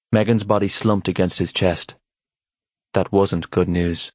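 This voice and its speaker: A man with a deep, low voice narrates an audiobook in a steady, even manner. The recording is close and very dry, with no room sound. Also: a little slow, no room sound. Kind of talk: scripted narration.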